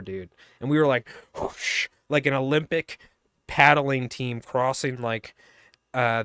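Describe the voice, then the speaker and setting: A man's voice: medium pitch, clean tone, dry recording, studio quality. A man with a Long Island accent hosting a fly tying livestream, telling rambling fishing stories and laughing along the way. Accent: Long Island New York. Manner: rambling, laughing, animated storyteller. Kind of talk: casual storytelling chat.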